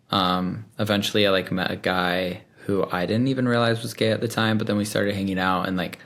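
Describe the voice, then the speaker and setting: A young man telling personal stories in a relaxed, chatty way, full of fillers and quick laughs. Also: fairly low pitch, vocal fry. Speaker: podcast guest. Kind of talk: casual storytelling.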